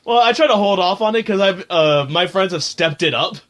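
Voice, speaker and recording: Excitable guy on a podcast, high bright voice, laughing. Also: a little fast. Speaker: podcast co-host. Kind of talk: casual chat.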